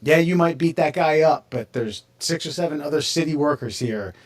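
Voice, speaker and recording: A man's voice: on the high side, normal speed. A man co-hosting a podcast, telling a story with restarts and casual swearing. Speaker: podcast co-host.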